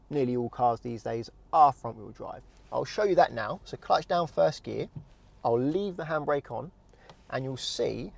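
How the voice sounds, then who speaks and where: A man talks through a driving lesson from the driver's seat of a car, calm and methodical, explaining each step. His mid-range voice carries a gravelly, slightly creaky texture. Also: mid-range voice. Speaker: driving instructor. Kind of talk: in-car tutorial demonstration. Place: inside a car.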